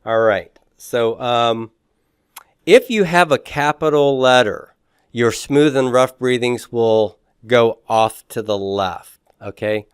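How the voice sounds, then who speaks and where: A man's voice: mid-range voice, takes it slowly, clean tone, dry recording, studio quality. A man teaching a beginners' Greek lesson, explaining patiently and often checking in with "okay?". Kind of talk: classroom lecture.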